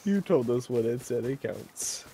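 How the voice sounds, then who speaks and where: A man's voice: mid-range voice, lively intonation, unhurried, vocal fry, background noise. A man chatting with friends while playing an online game, joking and swearing freely. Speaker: game player. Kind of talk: casual gaming chat.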